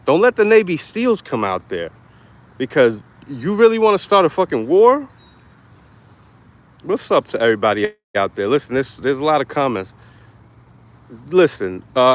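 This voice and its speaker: A young man from New York City rants into the camera as an online commentator. His talk is blunt, aggressive and full of street slang and swearing. His voice sits at an everyday middle pitch. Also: fairly bright tone. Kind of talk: ranting commentary.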